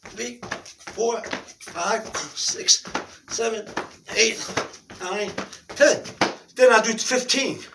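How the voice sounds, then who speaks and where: In an indoor room, a man making an exercise video demonstrates a move while out of breath, giving halting, repetitive instructions and frequently checking in with "okay?" His voice is high-pitched with a sharp tone, recorded from a distance.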